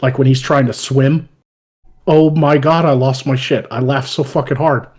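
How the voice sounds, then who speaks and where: A man hosting a casual podcast chat, swearing freely and laughing loudly as he tells stories. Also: medium pitch, normal speed, slightly rough. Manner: profane, animated, laughs loudly while telling stories. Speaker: podcast host.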